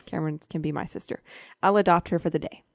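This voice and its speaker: A woman's voice: sits low, fairly even intonation, fairly quick, gravelly, no echo, studio quality. A young woman hosting a student radio talk show, chatting casually, rambling and giggling as she interrupts herself. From Texas. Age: young adult. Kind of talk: casual chat.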